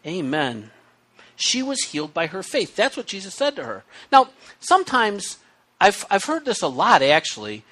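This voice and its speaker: A man preaching a sermon with hiccups, reading scripture aloud and explaining it in an animated, conversational way. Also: high-pitched, moderate pace. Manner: animated, conversational teaching with asides. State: has the hiccups.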